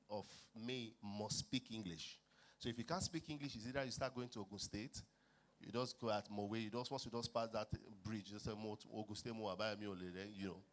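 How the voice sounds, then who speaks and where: A man with a Nigerian accent speaking at a church conference, telling a humorous story and acting out street characters with Yoruba phrases. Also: medium pitch.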